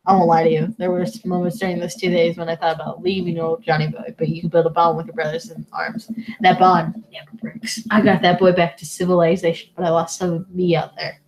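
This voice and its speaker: A woman reading the lines of a gruff, hardened middle-aged male army veteran in a game, telling a grim story slowly. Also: fairly low pitch, level tone, slight background noise, lightly acted, rough recording.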